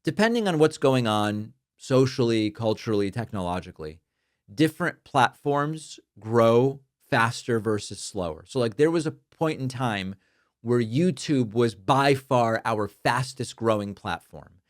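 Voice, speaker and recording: A man's voice: mid-range voice, animated, measured pace, no room sound, clean studio sound. A man hosting a political talk podcast, speaking in a conversational way, thinking aloud with fillers and restarts as he reads out listener mail. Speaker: podcast host.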